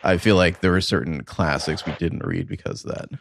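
A man hosting a podcast in casual chat, talking in a measured, dry way with mild understatement. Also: very deep voice, very animated, gravelly, a little hiss or hum. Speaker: podcast host.

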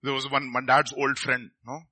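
A man's voice: medium pitch, little pitch movement, moderate pace, sharp tone. A middle-aged man, preaching a sermon in a conversational way and often asking the congregation questions.

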